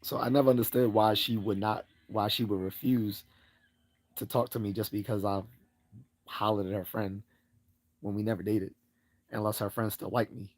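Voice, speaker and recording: A man's voice: flat delivery, moderate pace, pauses often. A man hosting a livestream, telling a rambling personal story in a casual way, laughing often and raising his voice to act out what people said. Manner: rambling, laughs often, acts out quoted lines in a higher voice. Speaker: livestream host.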